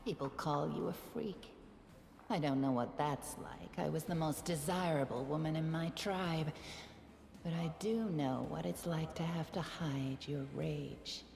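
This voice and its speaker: An actress voicing a proud tribal woman companion in a video game, talking slowly and confidingly. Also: sits low, vocal fry, a little mellow, a little hiss or hum. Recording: echoey reverberant game audio.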